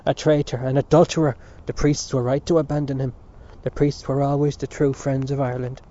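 A man voicing a fierce, devout older woman who scolds in a shrill, raised voice. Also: level tone, brisk, dark tone, lightly acted. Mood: scolding. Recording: dull lo-fi recording.

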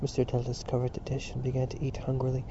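A man narrating a novel as an audiobook in a measured, even manner, on a dull lo-fi recording. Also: mid-range voice, noisy background.

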